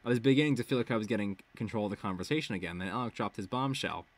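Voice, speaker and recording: A man's voice: lowish voice, rapid-fire. A young man streaming as he reads a web serial aloud, breaking off into casual, sweary, joking commentary. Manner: laughs a lot, swears freely, goes off on tangents.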